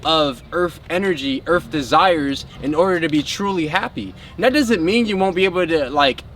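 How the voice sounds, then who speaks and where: Casual, rambling man with a higher voice. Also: moderate pace, fairly bright tone. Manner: rambling, heavy on filler words; addresses viewers as a group. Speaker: spiritual vlogger. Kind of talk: casual spiritual monologue.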